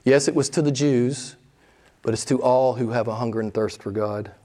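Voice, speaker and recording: A man preaching a sermon as pastor, emphatic and pressing questions on his listeners, with sudden excited rises. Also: medium pitch, normal speed. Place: church.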